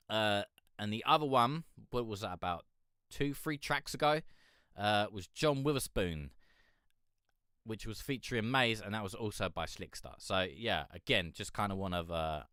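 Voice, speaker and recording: Bright, crisp-voiced man hosting a stream. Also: fairly low pitch, no echo, clean studio sound. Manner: rambling, swearing, laughing, answering chat. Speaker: music review stream host. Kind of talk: casual live-stream chat.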